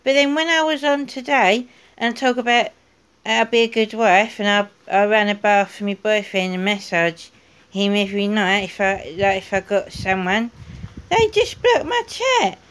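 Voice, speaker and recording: A woman's voice: mid-range voice, fairly even intonation, moderate pace, a bit bright, clear, resonant tone, rough recording. A woman streaming from her computer, complaining in exasperation about being blocked from chat. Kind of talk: frustrated live-stream rant.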